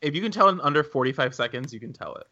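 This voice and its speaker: A man hosting a podcast in casual chat, briskly keeping the conversation on track. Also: on the high side, animated, bright, forceful tone, dull audio. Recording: noisy background.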